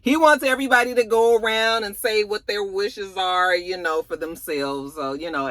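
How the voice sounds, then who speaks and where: A woman with a low-pitched voice, recorded dry, recaps a reality show in a casual vlog. She's chatty, colloquial and sassy, animatedly acting out people's quotes with dramatic flair.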